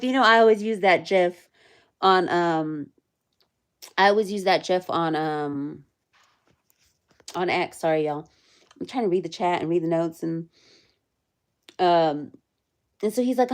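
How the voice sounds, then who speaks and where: A woman's voice: mid-range voice, a little slow, long pauses. A woman casually recapping a court hearing on a livestream, chatty, with many fillers, reading the chat as she goes. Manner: chatty, many fillers, reads chat aloud, quotes people in animated voices.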